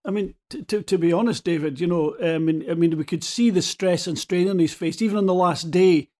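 A man's voice: high voice, a little fast, a little mellow. A man talking as a rally pundit in casual analytical chat, often restarting and repeating words as he searches for them.

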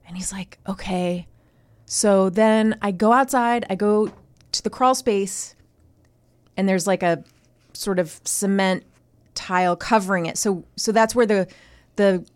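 A woman co-host speaks in an easy, chatty way over a close, dry mic. She tells her story with energy and slips into quick voices for the people in it. Her voice sits at a middle pitch. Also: clean tone, dry recording. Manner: animated storyteller who acts out what others said. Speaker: podcast co-host. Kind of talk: casual chat.

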